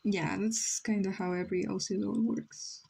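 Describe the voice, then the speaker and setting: Mellow-voiced young woman chatting on stream. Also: mid-range voice, steady tone, normal speed, gravelly, slightly rough, low-quality recording. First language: Spanish. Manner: rambling, reads chat aloud, many "like" fillers. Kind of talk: casual livestream chat while drawing.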